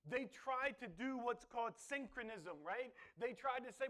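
A man's voice: extremely high pitch, big pitch swings, moderate pace, hardly any pauses, bright, forceful tone. A man preaching a sermon as pastor, emphatic and calling out to the congregation for responses.

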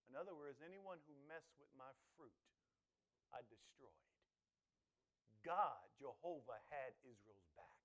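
A middle-aged male pastor preaching a sermon in an animated, conversational way, swinging between loud emphasis and hushed asides, with personal stories. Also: medium pitch, measured pace.

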